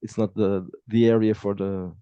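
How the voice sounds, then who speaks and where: A man narrating a tabletop game as game master, talking in a halting way with many restarts, on dull lo-fi audio. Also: fairly low pitch, flat delivery, smooth, no echo.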